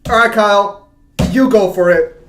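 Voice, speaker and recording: A man's voice: high-pitched, normal speed, background noise. Teasing man in an echoey room. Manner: teasing, laughs often. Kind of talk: casual gaming chat with friends.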